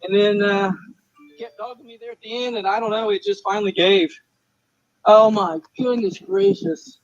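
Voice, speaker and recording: A man's voice: high-pitched, normal speed. A man fishing on camera, pleading and exclaiming as he fights a fish and loses it. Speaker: angler on camera. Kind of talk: live reaction while fishing. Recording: dull lo-fi clip audio.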